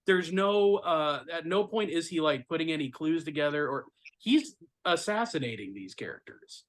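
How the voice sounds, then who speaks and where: A man's voice: a little high, normal speed, rough recording. A man co-hosting a film podcast, analytical, sharing what a professor taught him, with frequent ums. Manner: animated, analytical, many fillers. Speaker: podcast co-host. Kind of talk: casual movie discussion.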